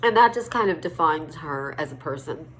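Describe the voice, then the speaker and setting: A middle-aged woman giving a heartfelt birthday tribute to a family member, emotional and choked up, halting with fillers. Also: low voice, lively intonation, a bit bright, a little hiss or hum, low-quality recording. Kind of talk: heartfelt personal tribute to camera.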